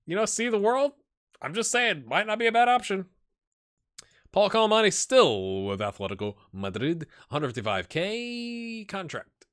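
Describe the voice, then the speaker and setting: Animated man chatting over a game. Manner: thinks aloud, talks to his virtual players; animated, jumps high when excited. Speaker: gaming channel host. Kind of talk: casual game commentary.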